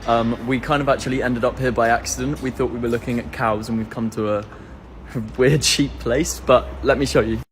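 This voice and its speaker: A male vlogger chatting casually to his phone camera, excitable and quick to coo over animals. His voice sits at a medium pitch. A faint hiss runs under the recording. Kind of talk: casual vlog chat. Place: home and outdoors at a farm.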